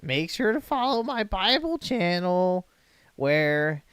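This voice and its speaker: A man putting on a shrill, screeching voice to parody a hypocritical young woman, slow and sneering. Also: very animated, a bit bright, clean tone, dry recording, exaggerated voice.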